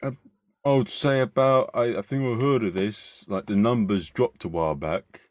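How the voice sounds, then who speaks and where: A man's voice: fairly low pitch, moderate pace, a little mellow, no room sound. A man hosting a podcast, asking questions casually and correcting himself as he goes. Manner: hesitant, self-correcting. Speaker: podcast host.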